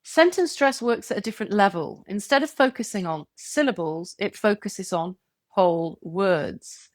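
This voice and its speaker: Dry, measured woman teaching pronunciation. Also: mid-range voice, lively intonation, dry recording. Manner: clear and measured, stretching example words for emphasis. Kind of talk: scripted tutorial narration.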